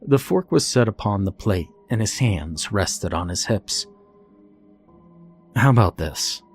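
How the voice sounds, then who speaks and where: A man reading a first-person horror story in a calm, steady scripted narration. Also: on the low side, a little slow, soft background music.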